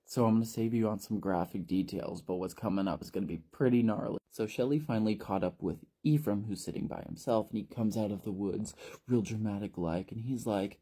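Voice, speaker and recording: A man casually recapping a story in a relaxed, conversational way. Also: fairly low pitch, a little fast, breathy edge.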